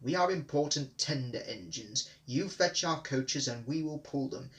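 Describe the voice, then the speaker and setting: A man's voice: medium pitch, expressive, fairly bright tone. A man doing a haughty, rude big engine. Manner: slow, haughty.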